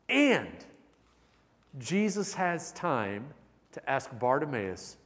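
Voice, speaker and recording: A man delivers a sermon in a slightly higher-than-usual voice, his words ringing with a long hall reverb. He preaches with animation, swinging from loud emphatic peaks to hushed, personal moments. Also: sing-song, slow pace. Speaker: pastor.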